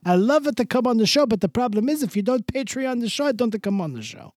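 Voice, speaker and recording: A man's voice: extremely high pitch, sing-song, fast, darkish tone, no echo, studio quality, pitched above the performer's own voice. A man voicing an effusive older male guest who talks in broken, gushing phrases.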